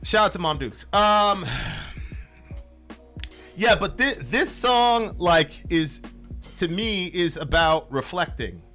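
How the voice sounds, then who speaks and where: A young man co-hosting a podcast, chatting casually and bursting into loud impressions. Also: high voice, slow pace, pauses often, faint music behind. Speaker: podcast co-host. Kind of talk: casual reaction chat.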